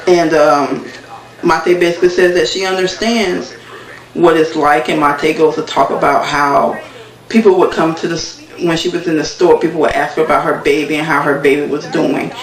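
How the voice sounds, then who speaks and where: A man talks through a TV episode in a loose, rambling way, leaning on fillers as he goes. His voice sits a little high with a gravelly edge. The sound is roomy and echoey, as if the mic stands some way off. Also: fairly even intonation, moderate pace. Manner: rambling, filler-heavy retelling. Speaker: TV recap vlogger. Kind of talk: casual episode recap. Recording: echoey room, mic at a distance.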